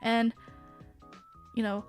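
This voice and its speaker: A woman's voice: on the high side, monotone, very slow, darkish tone, smooth, soft background music. A young woman streamer casually retelling an anime plot. She rambles, swears freely and laughs often as she talks. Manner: laughs often while talking.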